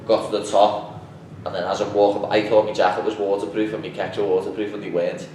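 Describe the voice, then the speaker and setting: A man's voice: fairly low pitch, quick pace. A young man, chatting casually as a podcast guest and telling stories animatedly, acting out what people said. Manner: animated storytelling, acts out quotes. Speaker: podcast guest, MMA fighter. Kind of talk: casual chat. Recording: echoey room, distant mic, faint noise.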